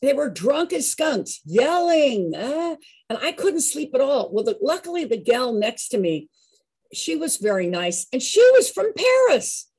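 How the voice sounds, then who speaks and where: Husky, animated storyteller woman in her 60s. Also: sits high, measured pace, poor audio. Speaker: show regular. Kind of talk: personal storytelling.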